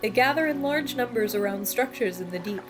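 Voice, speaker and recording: A woman streams a video game over music, reading the in-game descriptions aloud and reacting with laughter and disgust. Her voice is fairly high, lively, and quick in this let's play.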